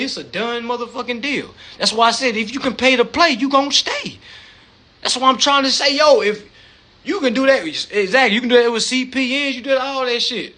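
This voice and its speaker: Male livestream host, husky and bright-toned, high lively delivery, profane and animated. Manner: profane, animated, acts out phone calls. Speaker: social media live host. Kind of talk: casual livestream talk.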